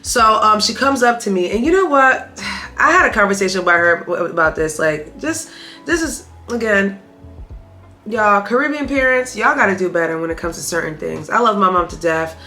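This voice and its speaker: Young woman vlogger, bright and forceful, candid storytelling, faint music under the voice. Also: medium pitch, expressive, moderate pace. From Haitian family. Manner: candid, emphatic, addresses viewers directly. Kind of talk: storytime vlog.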